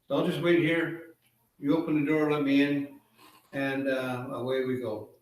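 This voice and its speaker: A sly male raven trickster who wheedles and flatters his cousin with easy friendliness, as a man puts him on. The voice sits at a middle pitch, picked up from well away from the mic in a strongly echoing room. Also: normal speed, natural voice. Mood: coaxing. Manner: coaxing, wheedling, overly friendly. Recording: echoey room, far from mic.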